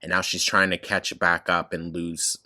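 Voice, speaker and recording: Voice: deep voice, level tone, normal speed, sharp tone. A commentary YouTuber reacting to clips, sarcastic and blunt, swearing often and laughing at the material.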